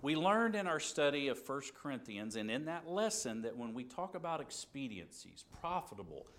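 A man teaches a Bible class in an earnest, reasoning tone, leaning on rhetorical questions. His voice sits in a middle pitch but moves around a lot. He sounds like a preacher working through a point step by step. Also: very animated, moderate pace, a bit bright.

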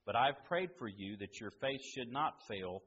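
A man preaching a sermon, asking his listeners questions and swinging between loud emphasis and quiet, hushed lines. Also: medium pitch, lively intonation, moderate pace, muffled recording, a little hiss or hum.

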